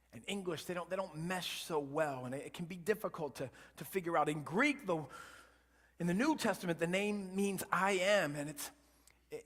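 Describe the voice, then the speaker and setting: Man, pastor, sermon, slightly high voice, shifts from loud to whispered, reverberant church hall. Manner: dynamic preaching, swinging from loud emphasis to hushed whispers. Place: church sanctuary.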